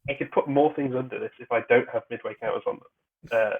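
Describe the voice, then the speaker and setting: Brief: husky male player on a tinny phone-like line, halting as he explains his plays. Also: mid-range voice. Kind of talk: casual game chat.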